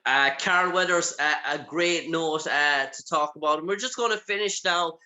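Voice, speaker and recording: A man's voice: a little high, moderate pace, bright, forceful tone, rough recording. A male radio interviewer with an Irish accent, asking long, effusive questions full of fillers. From Ireland. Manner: effusive, rambling, many fillers.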